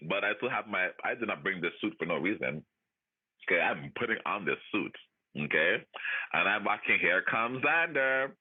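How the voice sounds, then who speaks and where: A man ranting on a livestream in a sassy, profane, animated way. His voice leaps up and down and has a husky grain. The sound is thin and phone-like. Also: sits low, fairly quick. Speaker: livestream host. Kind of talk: casual chat, ranting. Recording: tinny phone-like audio.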